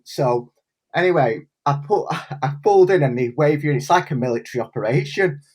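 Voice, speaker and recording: A man's voice: on the high side, brisk, husky. A man from England with a cold, telling a story animatedly in casual chat. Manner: animated storyteller, acts out voices. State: has a cold. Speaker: resident tipster.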